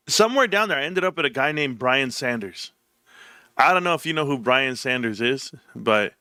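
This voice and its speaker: A man hosts his own livestream and talks to his chat in a loose, rambling way. His voice is bright and forward, and it sits in a dry, close sound with no room around it. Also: a little high, dry recording. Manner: rambling, laughs while telling stories. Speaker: livestream host.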